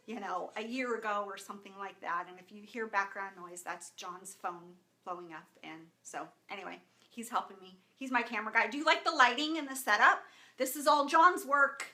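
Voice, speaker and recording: A woman's voice: medium pitch, brisk, bright, forceful tone. A woman in her thirties from Southern California, talking casually to viewers in a live video, greeting them by name with lots of fillers and openly emotional. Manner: openly emotional, close to tears. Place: indoors at home with camera and lighting setup.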